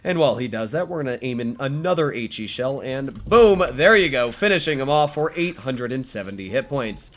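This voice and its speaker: A man's voice: mid-range voice, lively intonation, a little fast, few pauses, fairly bright tone. A young man giving casual, chatty commentary over his own tank gameplay, correcting himself and humming as he plays. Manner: chatty, self-correcting, hums tunes while playing. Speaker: gaming YouTuber.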